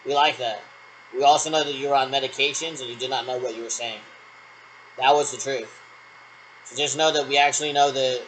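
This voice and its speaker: A man's voice: mid-range voice, fairly bright tone, a little hiss or hum, poor audio. A man in a rambling solo monologue who repeats himself and answers his own questions.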